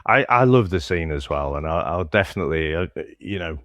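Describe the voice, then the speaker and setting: Deep-voiced Northern English man, musing. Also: animated, a little fast, fairly bright tone, no echo, studio quality. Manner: thoughtful, stammers on starts, swears casually. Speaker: podcast co-host. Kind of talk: casual film review chat.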